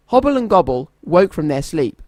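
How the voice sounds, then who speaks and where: Gentle man reading a children's story. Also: on the high side, big pitch swings, normal speed, no echo.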